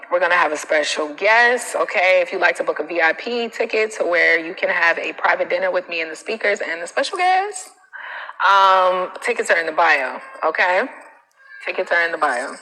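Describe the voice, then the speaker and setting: Emphatic, bright-voiced woman coach. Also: lowish voice, low-quality recording. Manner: animated, emphatic, preachy with slang asides. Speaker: self-confidence coach hosting a live stream. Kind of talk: casual live-stream talk.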